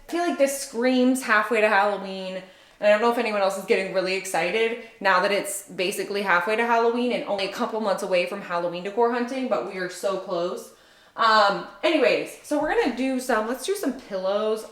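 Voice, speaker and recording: A woman in casual, upbeat vlog chat, thinking aloud as she decorates her living room. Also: medium pitch. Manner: chatty, upbeat, thinks aloud while working. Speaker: home decor vlogger. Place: home living room by a fireplace. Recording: roomy room echo.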